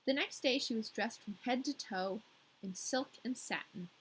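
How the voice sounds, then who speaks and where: A woman's voice: fairly high pitch, normal speed, slightly rough, poor audio. A woman co-hosting a podcast, reading a fairy tale aloud in a casual way with playful, joking asides. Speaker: podcast co-host and story reader.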